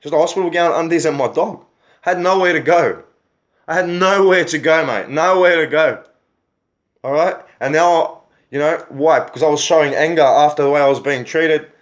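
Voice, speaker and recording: A man's voice: fairly high pitch, normal speed. An Australian man telling his own story in a vlog, agitated, swearing heavily and firing off rhetorical questions. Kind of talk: angry personal storytelling.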